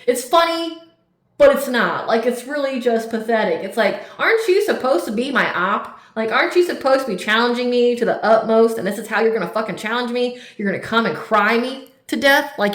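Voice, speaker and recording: A woman's voice: on the high side, a bit bright. A woman giving a casual tarot reading, talking bluntly and emphatically with lots of swearing and "like". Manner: blunt, profane, emphatic, fillers of "like". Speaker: tarot reader. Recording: roomy echo.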